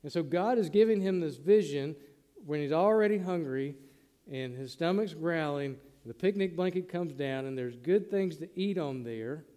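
A man's voice: on the high side, moderate pace, warm tone, big-room sound. A man preaching a sermon to his congregation in a conversational way, acting out the lines he quotes. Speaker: pastor.

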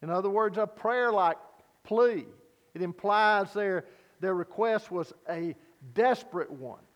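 A man preaching a sermon as pastor, earnest and deliberate, posing rhetorical questions to his congregation. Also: high-pitched, in a large hall, lo-fi sound.

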